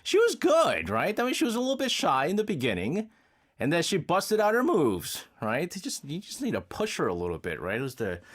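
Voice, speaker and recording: A man's voice: fairly high pitch, wildly swooping pitch, fairly quick. Male radio host, chatty and self-mocking, voice swinging up and down as he jokes. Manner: jokey, laughs often, self-mocking. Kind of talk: casual radio chat. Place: radio studio.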